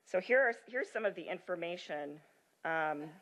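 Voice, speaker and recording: Woman lecturer, low-ish voice, expressive reader, then relaxed talk with many ums. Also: moderate pace. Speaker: medical ethics lecturer. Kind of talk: lecture with a dramatic reading.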